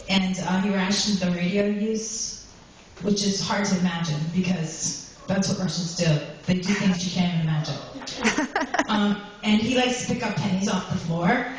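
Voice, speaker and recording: A woman doing a stand-up comedy set on a club stage, talking in a rambling way with many ums and likes. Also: medium pitch. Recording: echoey room, far from the mic, faint noise.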